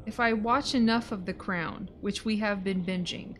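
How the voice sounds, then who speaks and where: A woman's voice: mid-range voice, fairly even intonation, normal speed, a little hiss or hum. A woman co-hosting a game stream, playfully chiming in with short prompts and comments. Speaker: co-host watching and spotting. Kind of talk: casual let's-play chat.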